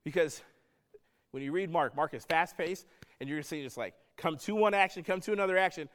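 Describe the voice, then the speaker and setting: A man delivers a sermon in a fairly high voice. He talks in a casual, earnest way and pushes harder on his key points. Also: a little fast, a bit bright. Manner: earnest, conversational preaching with rising emphasis. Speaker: pastor.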